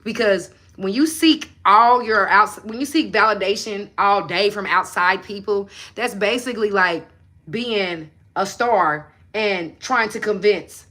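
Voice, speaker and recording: A woman's voice: medium pitch, a little slow, sharp tone. A young adult woman hosting a casual livestream, talking bluntly and emphatically with plenty of profanity as she preaches self-belief to her viewers. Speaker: manifestation coach and livestream host.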